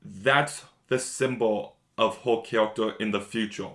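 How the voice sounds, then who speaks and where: A man's voice: on the low side, fairly even intonation, measured pace, fairly bright tone. A man giving a casual, rambling spoiler review of a show, enthusiastic and repeating himself often.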